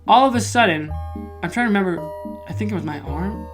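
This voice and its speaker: A man's voice: sits high, animated, fast talker. Chatty teen guy over guitar music. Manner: chatty, goofy, acts out quotes with big jumps in voice. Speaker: podcast host. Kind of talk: casual storytelling. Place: loud location. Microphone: phone microphone. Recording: guitar music playing behind.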